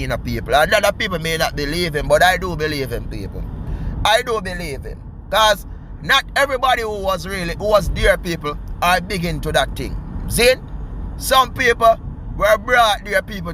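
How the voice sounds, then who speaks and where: A man's voice: high voice, sharp tone, slight background noise, low-quality recording. A man with a Jamaican Patois accent, hosting a vlog and talking casually to his viewers, often repeating "people" and "see". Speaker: vlog host.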